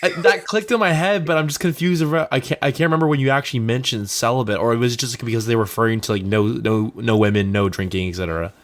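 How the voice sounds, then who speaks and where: A man co-hosting a podcast, reacting in crude, animated, casual banter. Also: medium pitch, fast talker, hardly any pauses. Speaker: podcast co-host.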